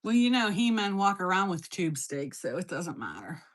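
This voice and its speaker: A woman's voice: fairly low pitch, sing-song, normal speed. A woman hosting a casual cooking livestream from her kitchen, reading out viewer comments and answering them in a blunt, teasing, playful way. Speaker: livestream host.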